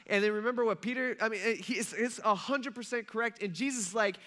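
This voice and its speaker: A man in his thirties, a pastor giving a casual sermon and telling stories with lively acted-out quotes. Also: high voice, quick pace. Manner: animated storytelling, acts out quoted voices.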